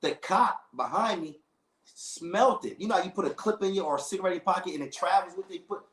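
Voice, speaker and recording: Animated man telling a story in an echoey room. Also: high voice, fast. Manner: animated storytelling with slang and quoted voices. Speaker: storyteller in a casual conversation. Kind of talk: casual chat.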